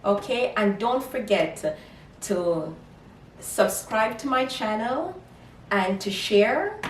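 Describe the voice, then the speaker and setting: A woman's voice: mid-range voice, lively intonation, slow pace, a little hiss or hum. A woman, telling a casual storytime vlog and animatedly quoting herself in Creole. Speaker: vlogger. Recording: echoey room, mic at a distance.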